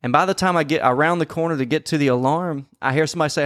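A man telling a story in casual podcast chat, swearing often and acting out quoted lines loudly. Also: a little high, racing, hardly any pauses, no echo, clean studio sound. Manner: profane, animated, acts out quotes loudly. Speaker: podcast co-host.

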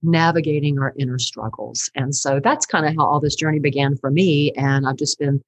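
Middle-aged woman guest, low and husky, lively storyteller, dry close recording. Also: fairly quick, no echo, poor audio. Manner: animated storytelling, laughs often. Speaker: guest, counselor and teacher. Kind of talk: conversational podcast interview.

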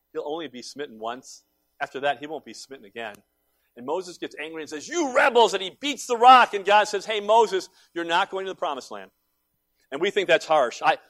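Swinging between booming, emphatic calls and hushed, low asides, a male pastor delivers a sermon and acts out the voices he quotes. There's no room sound.

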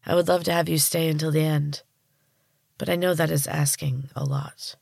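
A woman voicing a solemn young woman who is turning into a tree creature, speaking slowly in a breathy, weary voice. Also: low-pitched, very animated, a little mellow, no room sound, clean studio sound, exaggerated voice.

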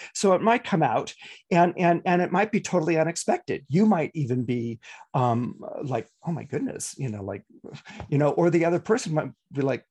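Male astrologer, middle-aged, somewhat high husky voice, chatty, restarts a lot. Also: a little mellow. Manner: chatty, repetitive, many fillers and restarts. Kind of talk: weekly horoscope talk.

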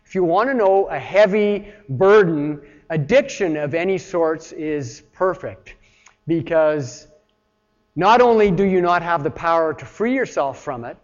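A man's voice: on the high side, expressive, unhurried. A man preaching a sermon in an earnest, plain-spoken way, talking straight to his listeners and acting out voices when he quotes someone. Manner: acts out voices when quoting. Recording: dull sound with long reverb.

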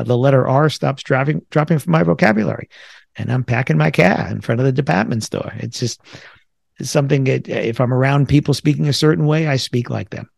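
A man's voice: mid-range voice, vocal fry, darkish tone, no room sound, clean studio sound. A middle-aged man from the New York area hosting a solo podcast, talking things through in a reflective, conversational way with self-deprecating asides. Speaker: podcast host.

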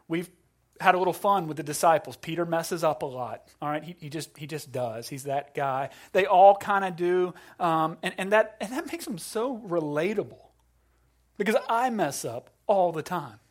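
A man preaching a sermon as a pastor, conversational and self-deprecating, often restarting words and dropping to a low, quiet voice for emphasis. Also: normal speed.

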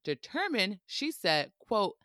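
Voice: mid-range voice, big pitch swings, takes it slowly, bright, forceful tone, no echo. Casual podcast host, playful and jokey, talking over a dry, close sound. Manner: playful and chatty, with joking asides and frequent laughter. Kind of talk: casual history podcast narration.

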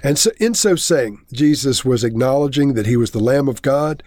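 A man's voice: mid-range voice, animated, normal speed, a little mellow, no room sound. A man reading a Bible chapter aloud and then explaining it in a plain teaching manner.

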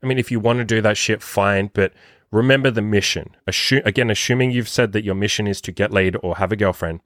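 A man giving dating advice as a podcast host, talking casually and swearing a lot, acting out quoted lines in a higher voice. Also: fast, dry recording, studio quality. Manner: profane, animated, acts out his own quotes in a higher voice. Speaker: dating coach.

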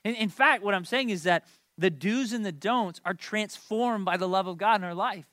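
Animated storytelling man preaching. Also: high-pitched, moderate pace, no room sound, clean studio sound. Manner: animated storytelling with playful asides to the congregation. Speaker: pastor. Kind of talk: sermon.

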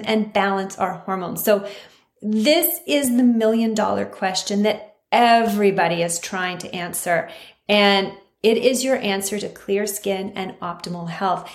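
A woman naturopathic doctor hosting a health podcast, talking earnestly and emphatically and repeating her key points. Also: mid-range voice. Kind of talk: scripted health talk. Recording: roomy echo.

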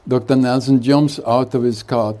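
A man speaking as a spiritual teacher at a retreat, giving an unhurried satsang talk with jokes and chuckling between his thoughts. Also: medium pitch, steady tone, mellow. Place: retreat hall.

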